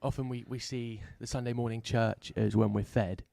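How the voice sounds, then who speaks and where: A man's voice: medium pitch, steady tone, normal speed, vocal fry, dark tone, no room sound. A young man in a casual podcast discussion, talking hesitantly with restarts. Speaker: podcast guest.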